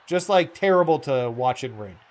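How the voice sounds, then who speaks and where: With an expressive mid-range voice at normal speed, a male gaming streamer chats casually with his audience. The talk is rambling and heartfelt, earnest throughout, and packed with fillers and self-corrections.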